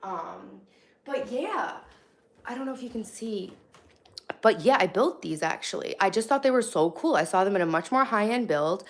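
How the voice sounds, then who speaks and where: A woman's voice: medium pitch, lively intonation, moderate pace. Chatty hungover woman streaming from home. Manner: chatty, blunt, swings between loud and soft, reacts to chat. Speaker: live stream host. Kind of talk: casual live-stream chat reading comments. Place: home kitchen.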